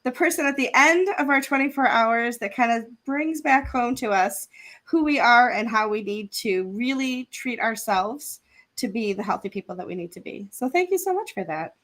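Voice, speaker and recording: With an expressive, somewhat bright voice on the high side and a moderate pace, the host runs a live online event over a remote video call. She chats casually, laughs frequently and thanks the sponsors.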